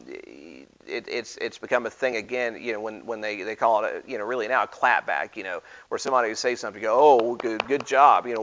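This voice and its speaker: A man's voice: on the low side, sharp tone, highs cut off. A man leading an informal Bible study, talking casually with frequent restarts and reading scripture aloud.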